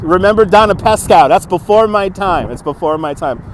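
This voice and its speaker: A man's voice: sits high, moderate pace, few pauses, slight background noise, rough recording. A man chatting casually while walking outdoors at night, talking into a phone on a gimbal, laughing often and repeating himself. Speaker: livestream vlogger. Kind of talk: casual walking livestream chat. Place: city streets outdoors at night.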